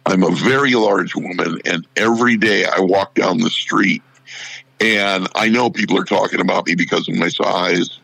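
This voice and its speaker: Gravelly low-voiced man telling a story. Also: moderate pace, dry recording, poor audio. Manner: animated anecdote teller who acts out quoted voices. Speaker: radio show personality. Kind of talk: casual storytelling.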